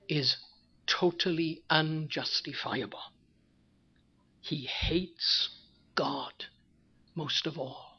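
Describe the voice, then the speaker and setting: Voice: medium pitch, slightly rough, lo-fi sound. A preacher delivering a sermon, firing rhetorical questions at the congregation and repeating key points for emphasis.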